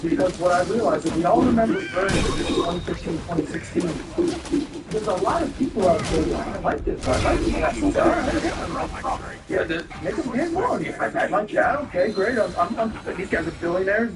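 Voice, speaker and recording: A man's voice: high-pitched, lively intonation, moderate pace. A man co-hosting a casual podcast chat, opinionated and rambling, with jokey asides. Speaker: podcast co-host. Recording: roomy, distant mic with background noise.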